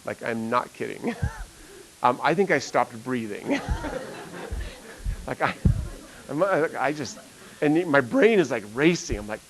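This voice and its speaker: A man's voice: mid-range voice, expressive, unhurried, long pauses, fairly bright tone, low-quality recording. Rambling middle-aged male teacher in class. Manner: rambling, filler-heavy, laughs often. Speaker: math teacher. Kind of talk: classroom storytelling. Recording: faint hiss.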